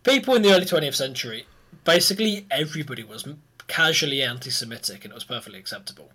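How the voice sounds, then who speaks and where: A man's voice: medium pitch, expressive, rapid-fire, pushed and bright, breathy edge. A man hosting a history podcast, chatting easily and explaining things step by step. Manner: easygoing, laughs often, explains step by step. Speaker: podcast host presenting history. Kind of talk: casual chat and history explanation.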